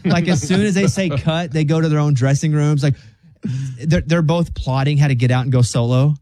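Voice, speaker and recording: A man's voice: on the high side, normal speed, no echo, clean studio sound. A man hosting a radio show, chatting casually and joking as he reads stories out. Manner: joking, animated storyteller who slips into silly voices.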